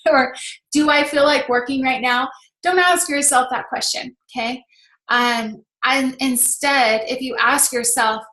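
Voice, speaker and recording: A woman's voice: sits high, pushed and bright, reverberant, low-quality recording. A woman in her thirties giving a chatty, encouraging motivational talk to camera as a coach. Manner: chatty and encouraging, laughs often.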